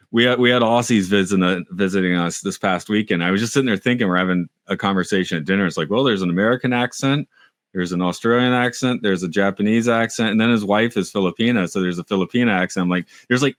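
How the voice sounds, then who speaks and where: Low-voiced man rambling in casual chat. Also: quick pace, no echo, studio quality. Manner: rambling, self-mocking, frequent restarts. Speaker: podcast co-host.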